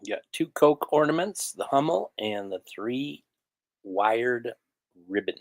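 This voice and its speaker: A laid-back man co-hosting a live auction stream, tossing in short remarks and calling out the bids. His voice is at a middle pitch and sounds dry, as if right at the mic. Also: animated, takes it slowly, dry recording. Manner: short interjections, repeats the bids and lot contents. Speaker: auction co-host. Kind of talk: casual chat on a live stream.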